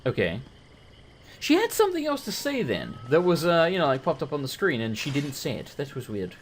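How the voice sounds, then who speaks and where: Excitable guy doing let's play commentary, swears a lot, bouncy voice, noisy background. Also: on the high side, a little fast. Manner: excitable, swears often, talks to the game characters. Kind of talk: casual gameplay commentary.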